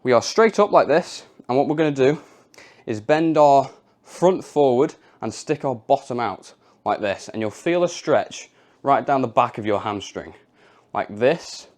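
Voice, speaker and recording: A young man talks through a home workout as he demonstrates each move. His delivery is chatty and informal, at an ordinary pitch. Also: lively intonation, measured pace, a little mellow. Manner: casual, chatty, demonstrating moves while explaining. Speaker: fitness coach.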